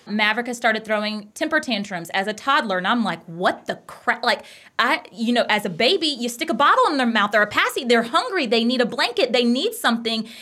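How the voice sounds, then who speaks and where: A woman with a Southern US accent hosting a podcast, telling stories in a lively, folksy way. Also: a little high. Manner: lively, folksy, animated storytelling. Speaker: podcast host, educator. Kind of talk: casual chat.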